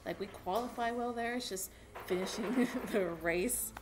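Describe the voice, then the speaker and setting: A young woman vlogging at home, rambling excitedly with lots of fillers as she talks about racing. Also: mid-range voice, a little slow, over music. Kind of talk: casual chat to camera. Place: at home with a dog.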